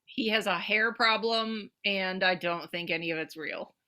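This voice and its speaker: A woman's voice: medium pitch, normal speed, bright, forceful tone. A woman co-hosting a podcast, reacting bluntly and dryly in casual chat. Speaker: podcast co-host.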